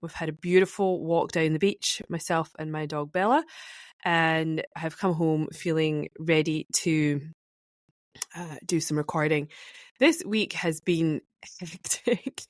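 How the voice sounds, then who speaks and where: Low-voiced Scottish woman hosting a podcast. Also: steady tone, measured pace, dry recording, studio quality. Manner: warm, enthusiastic and chatty, with fillers. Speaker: podcast host. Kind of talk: solo podcast chat.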